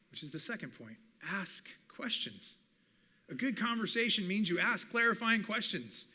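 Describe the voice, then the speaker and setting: A man who is a communications professor, giving an animated teaching talk at a church and acting out bits of dialogue. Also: high-pitched, normal speed, slightly rough. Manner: animated, acts out quoted dialogue.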